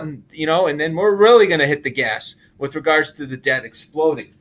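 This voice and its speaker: A man in middle age hosts a casual markets talk, his voice sitting fairly high for a man. He talks in an animated way, exclaiming over numbers and breaking into laughs. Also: fairly quick, few pauses. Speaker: show host.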